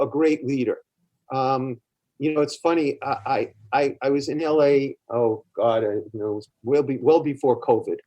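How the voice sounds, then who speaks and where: A man's voice: a little high, a little mellow. An older man with a Brooklyn accent, a therapist guest on a podcast, telling long stories in a rambling way with many fillers and restarts. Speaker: guest, psychotherapist. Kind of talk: conversational storytelling.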